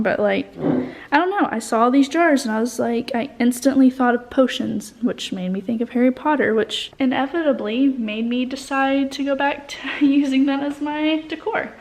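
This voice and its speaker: A young woman teacher vlogging from her classroom, talking casually and rambling with plenty of "like" and "um". Her voice sits a little high. She chats to the camera as if to a friend. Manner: chatty, rambling with many fillers. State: out of breath at times. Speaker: high school art teacher. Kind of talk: casual vlog talk to camera. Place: empty school classroom indoors.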